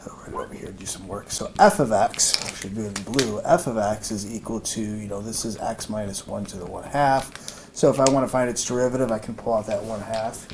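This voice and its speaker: A man giving an informal math lesson, thinking aloud with many fillers and restarts. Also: fairly low pitch. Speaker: math teacher. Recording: noisy room recording.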